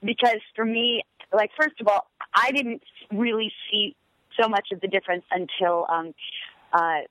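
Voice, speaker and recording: A woman's voice: mid-range voice, moderate pace, a bit bright, no room sound. Chatty woman on a phone line. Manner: enthusiastic, chatty, many fillers. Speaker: guest actress. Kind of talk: phone-in interview.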